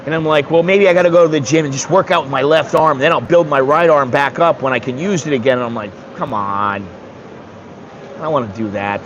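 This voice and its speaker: A man's voice: on the high side, fast talker, few pauses, highs cut off, a little hiss or hum. A man in his sixties from the United States, rambling bluntly and with some swearing in a casual livestream chat. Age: 60s. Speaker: streamer.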